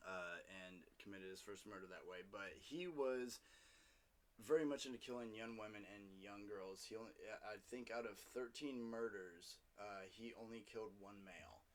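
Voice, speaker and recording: A man co-hosting a casual podcast chat, quick to agree and often halting with uhs. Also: on the low side. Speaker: podcast co-host.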